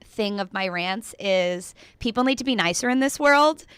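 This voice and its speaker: Young woman, radio co-host; animated rant, smooth clear voice, dry studio sound. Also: mid-range voice, normal speed, no echo. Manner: animated, frequent "like", laughs while telling. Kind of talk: casual radio chat, storytelling rant.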